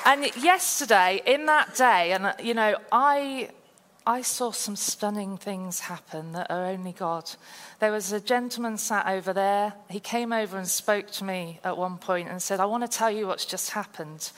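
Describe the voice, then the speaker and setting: A woman from the South Coast of England giving a chatty testimony talk as a guest speaker, telling stories in a lively, self-deprecating way. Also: mid-range voice, moderate pace. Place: church hall. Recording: reverberant hall.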